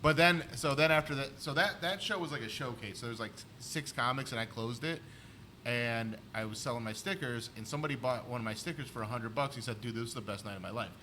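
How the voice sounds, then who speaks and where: A comedian on a podcast spins a long, rambling story, leaning on "like" as he goes. His voice is bright and forward. A faint hiss of noise sits underneath. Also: medium pitch, fairly quick. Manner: rambling anecdotes full of "like". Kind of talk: casual chat, storytelling.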